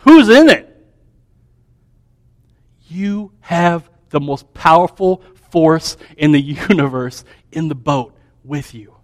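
A man preaching a sermon, building questions in a row and dropping to a soft hush. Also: a little high, takes it slowly, hardly any pauses. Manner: animated storytelling preacher, dropping to soft hushed tones.

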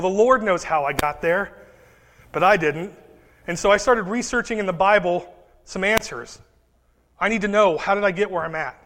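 Young male preacher, high voice, personal storytelling sermon, big echoing hall. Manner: personal storytelling, swinging from hushed to loud.

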